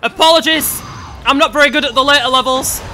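A woman with a high, bright voice swears and shouts her way through a hard game as she comments on her own play. She talks quickly and is easily frustrated, and she yells at the enemies on screen. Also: faint music behind. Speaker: gameplay commentator.

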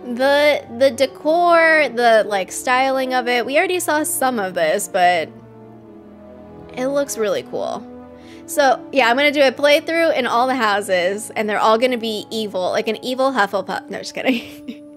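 A woman hosting a live stream, reacting excitedly to a game trailer, gushing and laughing often. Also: a little high, measured pace, faint music behind. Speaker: host.

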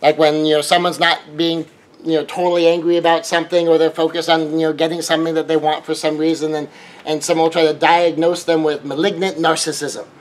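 A man's voice: fairly high pitch, flat delivery, brisk. A middle-aged man, talking through relationship advice in a conversational monologue and now and then acting out quoted exchanges. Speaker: relationship teacher. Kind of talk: casual monologue.

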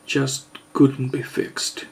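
Slow gravelly man confessing. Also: medium pitch, steady tone. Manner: halting, hesitant, with long pauses; earnest and overwrought. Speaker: vlogger. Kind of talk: mock-serious confessional monologue.

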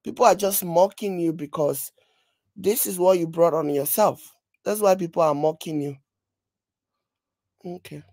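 A woman's voice: lowish voice, unhurried, pauses often, darkish tone, no echo. A woman with a Nigerian accent giving casual, mocking commentary on a video while scrolling for screenshots. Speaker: vlogger reacting to a video.

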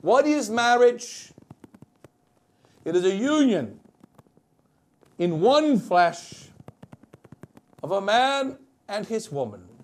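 A bishop delivers a wedding sermon in a high-pitched voice. He preaches with wide swings, pushing some lines out loud and dropping others to a near hush. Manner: preaching with wide swings between loud emphasis and quiet asides.

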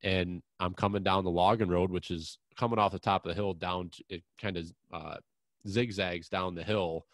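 A man's voice: deep voice, steady tone, moderate pace, dry recording. A man hosting an outdoors podcast, telling a long hunting story in a frank, rambling way with mild swearing. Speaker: podcast host. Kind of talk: casual chat, long personal anecdote.

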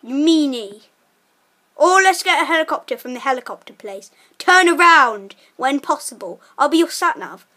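Excitable high-voiced woman gamer. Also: moderate pace. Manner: excitable, shrieks and laughs at chaos. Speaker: gaming channel host. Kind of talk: let's play commentary.

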